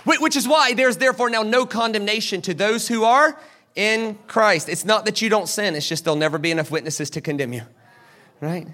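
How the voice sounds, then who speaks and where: A man's voice: high-pitched, fairly quick, bright, forceful tone. A man preaching a sermon as pastor. He asks the crowd questions, answers them himself, and acts out the people in the story.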